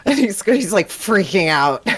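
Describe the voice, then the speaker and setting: A woman with a low voice describes what her character does in a tabletop game. Her delivery is lively and swoops up and down, recorded very dry and close. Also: unhurried, no echo. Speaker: player.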